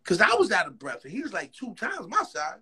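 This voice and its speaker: Animated New York man telling stories. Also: high voice, a little fast, breathy edge. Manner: animated street slang, acts out quotes, frequent laughs. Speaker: rapper, interview guest. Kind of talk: casual storytelling interview.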